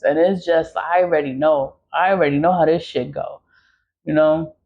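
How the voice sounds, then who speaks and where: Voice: medium pitch, steady tone, moderate pace, phone-quality sound. A content creator in a casual vlog monologue, talking bluntly and emphatically, with frequent swearing.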